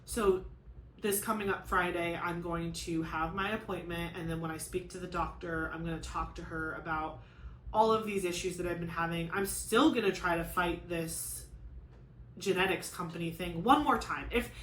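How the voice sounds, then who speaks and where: A woman's voice: on the low side, normal speed, a bit bright, slight background noise. A woman hosting a crafting vlog, chatting casually and venting with frustration, peppering her talk with "like". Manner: rambling, lots of "like", frustrated venting. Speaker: crafting channel host. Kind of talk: casual chat while crafting. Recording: echoey room with faint ambience.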